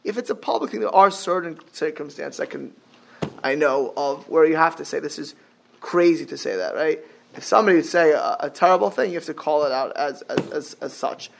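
A man's voice: fairly high pitch, a little fast, creaky, slight background noise. A man giving a religious lecture as a Torah teacher, talking animatedly with many restarts and Hebrew terms, and breaking into sudden exclamations.

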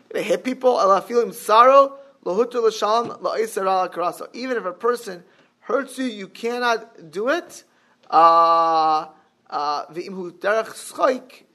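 High, gravelly man teaching Torah. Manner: animated, with many restarts and Hebrew terms; rising to sudden exclamations. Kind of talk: religious lecture.

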